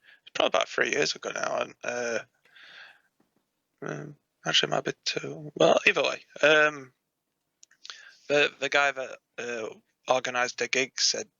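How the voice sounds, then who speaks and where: A man in a casual podcast chat, talking haltingly with many fillers and restarts, as the guest musician. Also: medium pitch, steady tone, gravelly, bright, forceful tone, dry recording, muffled recording.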